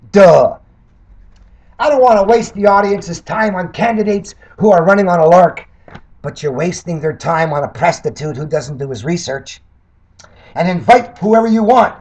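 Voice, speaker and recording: Combative older man, husky and animated. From Canada. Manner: combative, mocking, swinging between loud jabs and low mutters. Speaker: political candidate and commentator. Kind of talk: sarcastic monologue reading and rebutting criticism.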